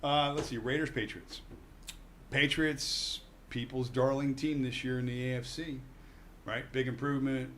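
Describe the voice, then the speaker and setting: A man's voice: medium pitch, steady tone, moderate pace, fairly bright tone, slight background noise. A man co-hosting a sports radio show, making casual football betting picks with a jokey, self-correcting manner.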